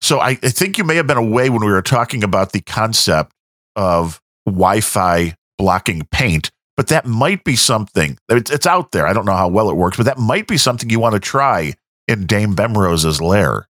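A man's voice: lowish voice, animated, normal speed, a bit bright, dry recording, studio quality. A man co-hosting a casual podcast chat, talking in a playful, teasing way. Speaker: podcast co-host.

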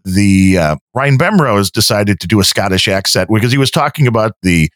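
Brisk and lively in intonation, his lowish, slightly bright voice carries a rambling, casual podcast conversation full of self-interruptions. He co-hosts and edits the show, and the studio sound is clean with no room tone.

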